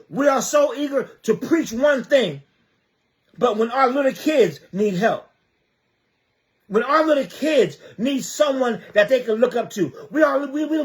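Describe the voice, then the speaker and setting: High-pitched guy ranting on a livestream, preachy, asks question after question, stammers a lot. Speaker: livestreamer speaking on community youth programs. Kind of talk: impassioned livestream monologue reading comments.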